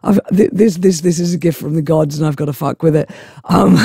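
A man with a hoarse voice from a chest infection rambles to camera with giggles and stammering restarts. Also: on the high side, mellow, dry recording, clean studio sound. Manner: giggly, stammering, self-mocking. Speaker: vlogger. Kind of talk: rambling casual monologue.

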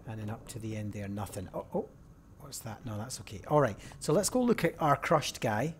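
A man's voice: lowish voice, big pitch swings, fairly quick, a little hiss or hum. A man hosting a let's-play, talking casually and thinking aloud as he works through clues. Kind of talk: casual game commentary. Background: game music.

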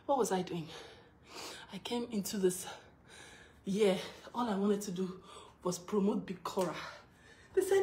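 A woman recording an emotional celebratory vlog at home, chanting, laughing and talking fast between cries of joy. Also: mid-range voice, expressive, darkish tone, a little hiss or hum. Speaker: vlogger. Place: her home, indoors. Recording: roomy, distant from the mic.

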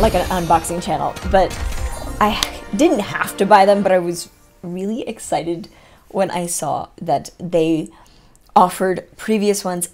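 A young woman chatting excitedly as she opens items on her gaming vlog, full of rambling asides. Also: mid-range voice. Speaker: gaming vlogger. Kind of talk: casual unboxing commentary.

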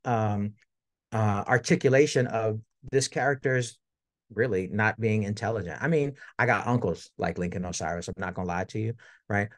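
A man's voice: medium pitch, dry recording, clean studio sound. A middle-aged man giving an academic lecture in a conversational way, often checking in with "right?". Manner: conversational, tags points with "right?".

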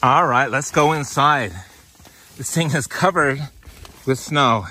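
Breathless after shoveling snow, this man in his forties, a farmer running his own channel, holds the camera himself as he moves between the outdoors and a greenhouse. He addresses viewers as "guys" in an upbeat, casual way, speaking a little slowly with a fairly high, bright, forceful voice, with a little hiss or hum.

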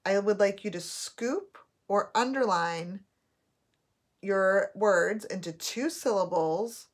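A woman teacher giving a recorded spelling test, dictating words slowly and repeating each one. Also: medium pitch.

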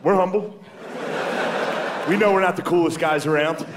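A man's voice: fairly high pitch, normal speed, background noise. An American man doing a stand-up comedy set on stage, talking in a loose, casual way and chuckling at his own lines. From United States. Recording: echoey venue with loud audience laughter.

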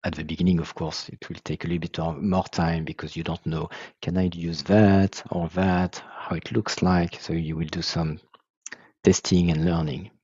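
A man from France with a French accent, explaining his software in a casual video call, halting and searching for English words. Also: sits low, little pitch movement, slightly rough, no echo, muffled recording. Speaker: software founder presenting his tool.

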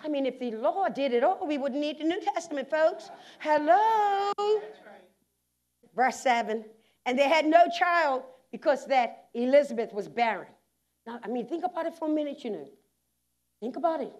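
A Bermudian woman pastor preaching a sermon in a church, moving from quiet conversational stretches to loud shouts with laughing asides. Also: sits high, expressive, normal speed. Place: church sanctuary.

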